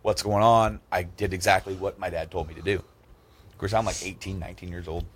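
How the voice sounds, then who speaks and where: A man in his thirties hosts a casual podcast, telling stories in a low-pitched voice. He gets animated and acts out each person he quotes, his voice jumping up for the punchlines. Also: brisk, slight background noise. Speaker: podcast host. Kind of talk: casual storytelling chat.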